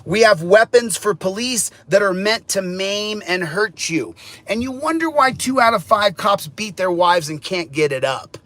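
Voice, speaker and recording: Furious ranting man with a high voice. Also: expressive, measured pace, fairly bright tone, no room sound. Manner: furious, repetitive, preachy, swearing. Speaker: guest who checks in. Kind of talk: angry rant.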